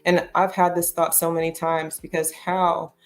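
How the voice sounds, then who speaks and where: A woman's voice: fairly low pitch, flat delivery, moderate pace. A woman hosting a casual commentary, talking bluntly and emphatically with lots of profanity. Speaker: commentary host.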